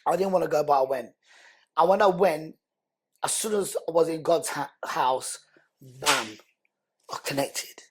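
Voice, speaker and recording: A man, a guest on a podcast, telling his life story in an earnest, animated, conversational way. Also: on the high side, a little slow, pauses often, slightly rough. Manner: animated, earnest, acts out quoted speech loudly.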